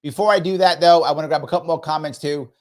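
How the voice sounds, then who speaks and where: A man's voice: fairly high pitch, fairly even intonation, fast talker. A man hosting a live stream, chatting casually, reading viewer comments aloud and playfully pleading with his audience. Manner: playful, pleading, repeats himself for effect. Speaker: livestream show host.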